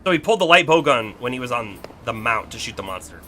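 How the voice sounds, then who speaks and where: Brief: male streamer, bright and animated, chatty, often second-guesses himself. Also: medium pitch, fast, slight background noise. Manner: rambling, self-correcting, laughs often. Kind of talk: casual gameplay commentary.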